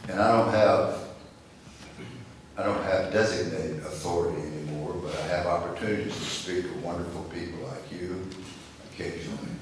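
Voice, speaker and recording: An older man, a guest speaker at a breakfast gathering in a chapel hall, gives a folksy storytelling speech and acts out the voices in his tales. His voice is deep and steady at normal speed. It's captured from far off in an echoey room with faint noise.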